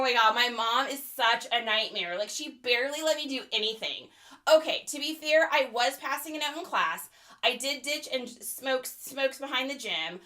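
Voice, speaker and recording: A woman's voice: sits high, pushed and bright. A woman voicing a dramatic 1980s teenage girl who gossips on the phone in valley-girl slang.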